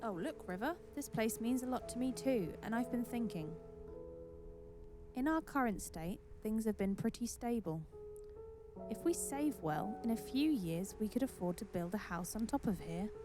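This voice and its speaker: A woman reading a steady, earnest husband. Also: on the high side, normal speed, lightly acted. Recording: game music behind.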